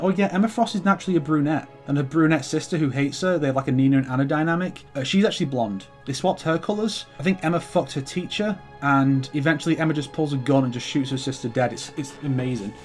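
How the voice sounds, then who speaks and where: Excitable young man rambling about comics. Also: on the high side. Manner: enthusiastic, profane, rambling with many restarts. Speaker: comics vlogger. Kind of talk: casual rambling collection show-and-tell.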